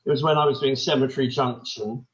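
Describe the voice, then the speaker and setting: A man speaks in a relaxed, reflective way as he recounts an anecdote as a guest. The sound is somewhat dull and lo-fi, as if on a lesser mic. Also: mid-range voice, quick pace. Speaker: comedy producer, podcast guest. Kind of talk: casual anecdote.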